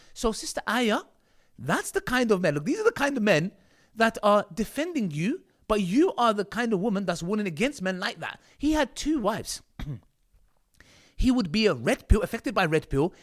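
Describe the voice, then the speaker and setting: Man reacting to clips, rapid, lively pitch, scornful and combative. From United Kingdom. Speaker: online commentator.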